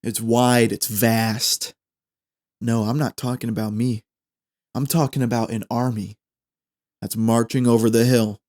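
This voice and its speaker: A man's voice: mid-range voice, darkish tone. A male podcast host spins a comic tale in an ordinary mid-range voice. He rambles, stumbles over words and restarts them, and throws in jokey asides. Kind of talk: comedic storytelling.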